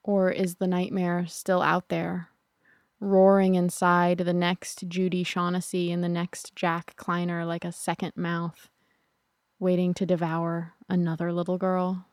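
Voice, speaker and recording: A woman narrating a true crime podcast in a somber, measured way. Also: fairly low pitch, completely flat delivery, dry recording, studio quality.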